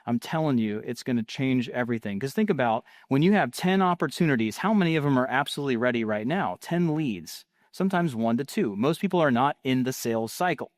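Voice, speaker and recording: Guy pitching marketing tips, pumped and chatty, medium voice, really dry sound. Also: fairly quick, hardly any pauses, no echo. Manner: energetic, salesy, conversational. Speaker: marketing speaker. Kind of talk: casual teaching talk.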